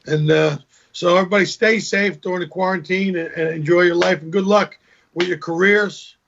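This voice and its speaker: Male comic guest, higher voice, husky, muffled call audio. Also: fairly even intonation, normal speed, fairly bright tone, slight background noise. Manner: storytelling, acts out joke voices, repeats words. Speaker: guest comedian. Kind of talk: casual video call interview. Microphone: video call. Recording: dull lo-fi video call audio.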